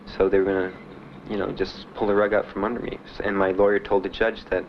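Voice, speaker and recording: An older man recounting his past in a halting interview, with many pauses and fillers. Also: fairly low pitch, flat delivery, muffled recording, slight background noise. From Miami. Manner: plain, halting storytelling with many "uh"s and "you know"s. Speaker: Vietnam veteran interviewee. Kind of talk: personal recollection in an interview.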